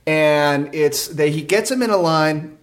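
A man with a somewhat high voice, guesting on a podcast. He tells a long anecdote in a loose, rambling way, with lots of fillers and bursts of laughter. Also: measured pace. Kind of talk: casual chat, storytelling.

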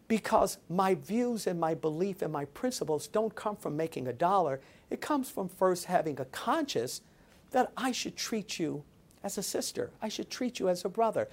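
A woman's voice: fairly low pitch, darkish tone. A woman speaking as an interview guest, with an emphatic, preacher-like delivery. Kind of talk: animated interview talk.

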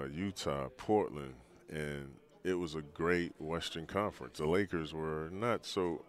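A deep, low-pitched older man telling long stories as an interview guest. He talks in a relaxed, rambling way, restarting phrases often. He is a former pro athlete in his sixties. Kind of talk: storytelling in a podcast interview.

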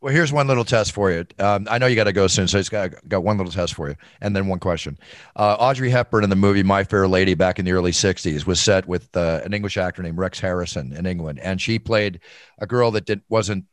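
A man hosting a podcast interview, encouraging and quick to laugh. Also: sits low, no room sound, clean studio sound. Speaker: podcast host. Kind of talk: casual interview chat.

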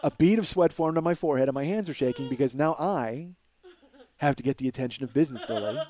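A man hosting a podcast, telling a long story in a casual, animated way, swearing and acting out what people said. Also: mid-range voice. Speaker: podcast host.

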